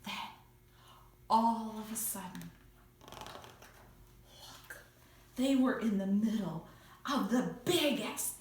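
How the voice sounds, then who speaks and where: A woman teaching children at church tells a Bible story slowly in a medium-pitched voice, playful and expressive. The echoey room puts her at a distance, and a slight hiss or hum can be heard.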